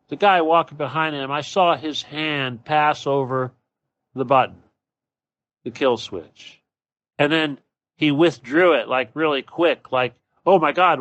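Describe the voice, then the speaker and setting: A man's voice: a little high, fairly bright tone, dry recording, muffled recording. A man hosting his own show, delivering a blunt, profane and sarcastic solo political rant. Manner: sarcastic, mocking. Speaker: show host.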